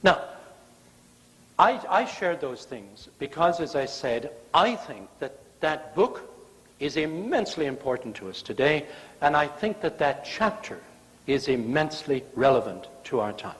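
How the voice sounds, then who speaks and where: A guest preacher tells a sermon with animated, storytelling flair, slipping playfully into quoted voices. His voice sits a touch high and swings widely in pitch. A long church reverb hangs after each phrase. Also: a little slow. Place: church sanctuary.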